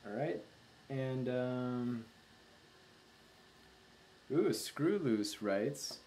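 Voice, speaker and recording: Guy hosting his vlog off a laptop mic, slow rambly self-mocking chat, mid-pitched voice. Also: lively intonation, a little mellow, slight background noise. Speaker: show host. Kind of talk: casual unedited video chat. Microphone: laptop built-in mic.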